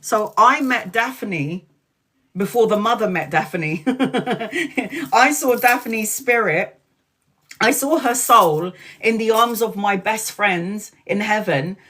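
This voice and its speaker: A woman's voice: mid-range voice, slow pace, a bit bright. Candid woman tarot reader. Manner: candid, swears freely, laughs often; earnest and emphatic, repeats lines. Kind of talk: live-stream tarot reading and chat.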